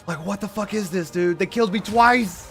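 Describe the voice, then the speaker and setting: A man giving live gameplay commentary as a streamer, excitable and quick to swear and rant in exasperation. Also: sits high, faint music behind.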